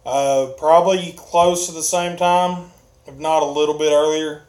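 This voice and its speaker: A man's voice: fairly high pitch, steady tone, measured pace, darkish tone. A man hosting a casual live stream, chuckling often as he reads out viewer comments. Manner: chuckles often while reading comments aloud. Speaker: livestream host reading chat.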